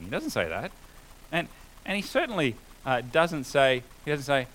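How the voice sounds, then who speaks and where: A man delivers a sermon in an earnest, conversational way and often poses rhetorical questions. His voice sits at a middling pitch and at times rises into emphatic exhortation. Faint ambient noise with some passing traffic can be heard behind him. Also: big pitch swings, normal speed, fairly bright tone, rough recording. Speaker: preacher.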